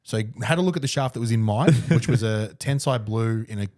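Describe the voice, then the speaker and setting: A man's voice: medium pitch, a little fast, darkish tone. A young man, co-hosting a casual podcast, chatty and laughing through his stories. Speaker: podcast co-host. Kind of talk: casual chat.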